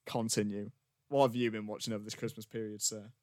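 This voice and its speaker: A man's voice: lowish voice, flat delivery, fast, darkish tone, dry recording, clean studio sound. A man co-hosting a podcast, rambling casually in sardonic griping about a film. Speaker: podcast co-host. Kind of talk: casual chat.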